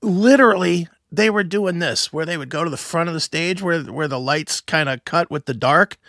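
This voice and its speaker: A man co-hosting a show, telling a story in casual chat, animated and swearing, acting out other voices. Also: a little high, normal speed, vocal fry, dry recording, clean studio sound. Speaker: podcast co-host.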